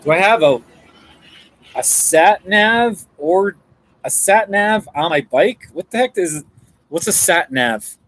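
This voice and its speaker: A man's voice: high-pitched, animated, slow, fairly bright tone, rough recording. A man chatting casually on a live stream from a coffee shop, rambling and answering viewer comments. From Colorado.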